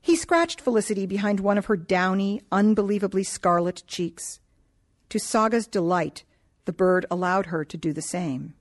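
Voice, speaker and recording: A woman narrating a novel in a calm, measured reading voice. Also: fairly low pitch. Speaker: audiobook narrator. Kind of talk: scripted narration.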